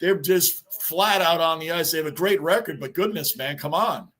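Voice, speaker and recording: A man with a high voice hosts a live sports reaction stream. He talks in an excitable, rambling way, often repeating himself. He calls out greetings to viewers between bits of game commentary. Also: moderate pace. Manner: rambling, chatty and repetitive. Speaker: livestream host.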